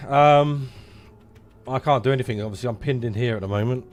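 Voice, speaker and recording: A man's voice: mid-range voice, brisk, faint music behind. A man playing a tabletop game, thinking aloud casually as he rolls dice. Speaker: player.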